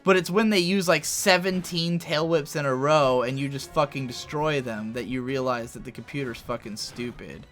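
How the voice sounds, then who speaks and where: Young male let's play host, chatty and profane, bright edgy voice over quiet game music. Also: mid-range voice, moderate pace, few pauses. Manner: rambling, swears freely, excitable outbursts. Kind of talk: casual gameplay commentary.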